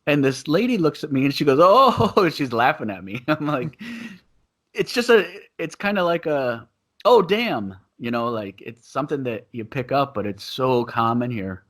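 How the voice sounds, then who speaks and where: A man's voice: medium pitch, animated, normal speed, a bit bright. Man, podcast co-host, Muay Thai coach. Rambling, easygoing talk with frequent laughs. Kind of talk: casual chat. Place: living in Thailand.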